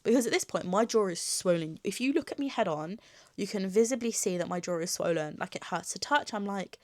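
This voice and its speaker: A woman's voice: medium pitch, fairly quick, no echo, studio quality. Young woman telling an upset story. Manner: animated retelling, acting out both sides of dialogue; upset, near tears at times. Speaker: vlogger telling a personal story. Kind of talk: casual storytime vlog.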